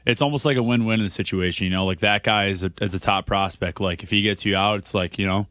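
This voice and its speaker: A man's voice: lowish voice, quick pace, no echo, studio quality. A young man, a baseball player guest, talking casually with lots of fillers. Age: young adult. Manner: relaxed, filler-heavy. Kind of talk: casual interview chat.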